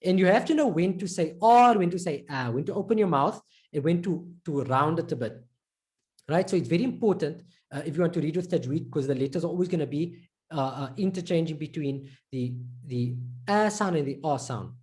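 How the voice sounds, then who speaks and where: Woman teaching Arabic pronunciation, mellow voice. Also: sits low, lively intonation, brisk. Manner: patient, demonstrates sounds with exaggerated repetition. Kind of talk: online pronunciation lesson.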